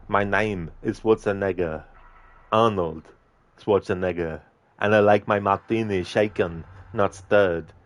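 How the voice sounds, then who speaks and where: A man doing an impression of a famous muscular action-film star, speaking slowly with deliberate pauses and a heavy put-on accent. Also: fairly low pitch, steady tone. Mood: playful.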